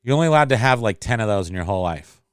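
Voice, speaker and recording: A man's voice: lowish voice, expressive, very fast, no room sound. A man hosting a livestream in a casual, rambling chat, reading out and answering viewer comments. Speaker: livestream host.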